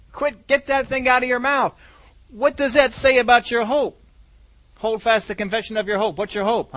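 A man preaching with a high, ringing voice, recorded dry and close. He presses his points by repeating them and acting out the voices of doubters. Scripture quotes land with slow, heavy emphasis. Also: fairly bright tone, dry recording. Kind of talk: sermon.

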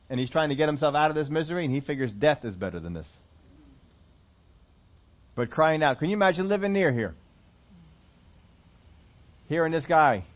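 Emphatic male Bible teacher, lo-fi audio. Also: a little high. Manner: emphatic, repeats key phrases. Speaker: preacher. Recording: dull lo-fi audio.

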